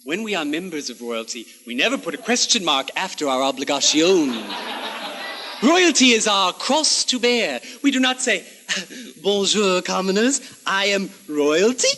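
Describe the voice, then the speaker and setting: A man's voice: sits high, big pitch swings, moderate pace, noisy background. Theatrical campy man with airs. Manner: grandly haughty, mock-aristocratic, theatrical; sprinkles in affected French phrases. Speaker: host of a comedy cable show. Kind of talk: campy comic monologue.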